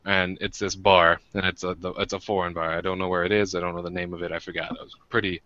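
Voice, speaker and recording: American man, podcast co-host, rambling self-deprecating anecdotes, somewhat low forceful voice, dull lo-fi recording. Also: little pitch movement, fast, dry recording. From United States. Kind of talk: casual storytelling chat.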